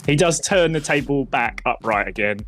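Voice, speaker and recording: A man's voice: mid-range voice, animated, normal speed, fairly bright tone. A man running a tabletop game as game master, amused and easygoing.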